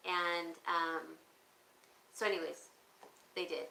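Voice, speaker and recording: Woman streamer host, casual rambling chat, bright voice, roomy echo with faint hiss. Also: mid-range voice, a little slow. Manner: chatty, rambling, talks back to viewer comments. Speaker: livestream auction host. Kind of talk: casual livestream chat with viewers. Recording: echoey room with faint background noise.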